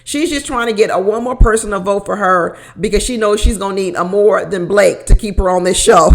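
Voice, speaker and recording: A woman hosting a casual reality show recap, animated and laughing often as she repeats her points. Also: medium pitch, a little fast. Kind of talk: casual commentary.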